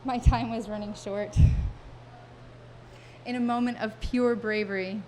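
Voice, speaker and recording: A woman's voice: fairly high pitch, steady tone, darkish tone, slight background noise. Wry woman telling a comic story onstage. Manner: wry, vivid and self-mocking, with dramatic pauses. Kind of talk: comic personal storytelling on stage. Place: live stage event before an audience.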